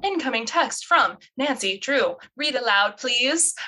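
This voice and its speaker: A woman's voice: fairly high pitch, animated, a little slow, pushed and bright, pitched above the performer's own voice, heavily acted. A woman voicing a wry, flustered young woman with a put-on accent in a story reading.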